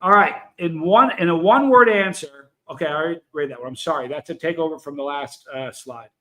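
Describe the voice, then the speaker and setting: High, bright-voiced man hosting a livestream. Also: a little fast, low-quality recording. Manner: emphatic storytelling, addressing viewers in chat. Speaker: livestream host. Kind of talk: casual livestream chat.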